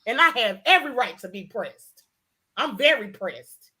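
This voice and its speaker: A woman's voice: on the high side, big pitch swings, moderate pace, pushed and bright, breathy edge. A woman hosting a casual talk, ranting in a heated, emphatic way and repeating her points. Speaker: host. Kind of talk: casual chat.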